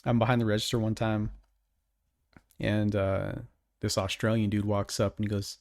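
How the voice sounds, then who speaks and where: A man's voice: fairly low pitch, normal speed, creaky, no room sound, studio quality. A man from the United States co-hosting a podcast in casual chat, swearing freely and telling stories with lots of laughs. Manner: swears freely, laughs often, animated storytelling. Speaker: podcast co-host.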